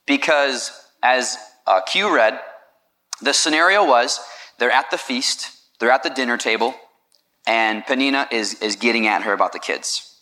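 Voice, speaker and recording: A male pastor delivers a conversational sermon and asks his listeners direct questions. His voice is bright and forceful, and he sits in a middle pitch.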